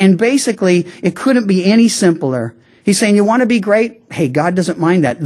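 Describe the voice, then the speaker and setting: A pastor delivering a sermon in a middle-pitched voice, talking to the congregation like a conversation rather than a speech. The delivery is full of small restarts and repeated words. On the key lines the pace drops to a slow, deliberate emphasis. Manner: conversational preaching, slowing down on key phrases; frequent restarts and stammered repeats.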